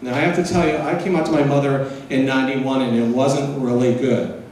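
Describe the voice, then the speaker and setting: A man's voice: medium pitch, steady tone, brisk, a little mellow, a little hiss or hum. A middle-aged man giving a personal storytelling lecture, candid and mixing in humor. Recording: echoey hall, voice from far off.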